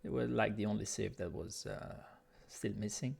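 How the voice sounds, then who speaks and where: A man's voice: on the low side, moderate pace, gravelly, a little mellow, a little hiss or hum. A man casting an esports match in a casual, hesitant way, thinking aloud with plenty of fillers while speaking over an online voice call. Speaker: esports caster. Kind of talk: casual game commentary. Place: home setup on an online voice call.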